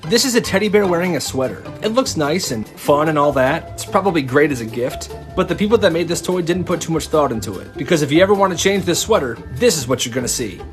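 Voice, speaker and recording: A man telling quick comedy stories and acting out the people in them. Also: a little high, soft background music. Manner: animated storyteller, acts out characters. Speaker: comedy creator. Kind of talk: storytelling comedy skits.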